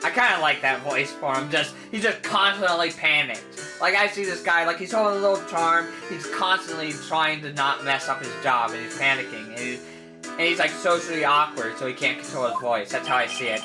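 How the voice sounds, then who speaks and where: A woman casually commenting on a video game she is playing, rambling and amused, speaking low and loose. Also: a little fast, low-quality recording. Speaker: let's play host. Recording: game music underneath. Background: game music.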